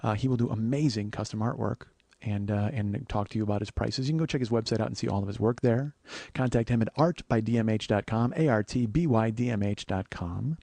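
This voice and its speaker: A man in his forties hosting a podcast, telling a comic story with profanity and animated, yelled-out quotes. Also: lowish voice, a little fast, creaky, dry recording. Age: 40s. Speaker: podcast host. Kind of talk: comedic storytelling monologue.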